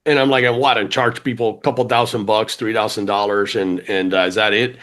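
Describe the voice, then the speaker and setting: A man's voice: lowish voice, a little fast. A man with a noticeable accent, talking as a guest on a business podcast. He is chatty and repeats words as he restarts his thoughts. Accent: funky accent, non-native. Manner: chatty, animated, many restarts. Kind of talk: casual interview chat.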